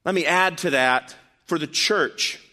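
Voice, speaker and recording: A man preaching a sermon to his congregation, animated and emphatic, with loud bursts and quiet asides. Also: on the high side, a little slow. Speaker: pastor. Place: church.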